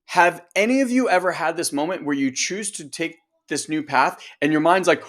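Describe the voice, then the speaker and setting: Coach guy talking to his group, kinda high voice, punchy, lots of "right?" questions. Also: moderate pace, hardly any pauses, a bit bright. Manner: emphatic, direct, talks to the audience with rhetorical questions. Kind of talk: motivational coaching talk.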